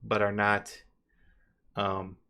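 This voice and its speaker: A man's voice: on the low side, monotone, drawn-out words, gravelly, pushed and bright, smooth. A man running a tabletop game as game master, narrating loosely with chuckles and fillers.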